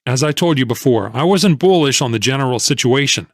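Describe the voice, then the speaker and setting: Expressive male audiobook narrator. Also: medium pitch, a little fast, no room sound, studio quality. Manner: storytelling, first-person, expressive.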